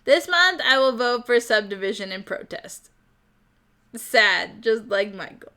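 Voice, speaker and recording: A woman's voice: mid-range voice, slow pace, gravelly, bright, forceful tone. A woman hosting a live stream, chatting casually with viewers, giggling often and stumbling over words. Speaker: livestream host.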